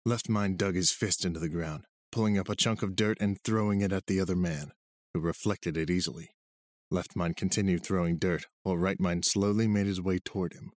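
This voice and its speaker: A man reading an audiobook chapter aloud as narrator, in a steady storytelling way. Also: low voice, a little fast, dry recording, clean studio sound. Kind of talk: scripted narration. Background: music.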